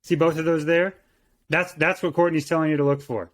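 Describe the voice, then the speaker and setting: A man's voice: on the high side, steady tone, brisk. A man co-hosting a conversational Bible lesson, thoughtful and given to restarts and repeated words. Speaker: co-host, teacher.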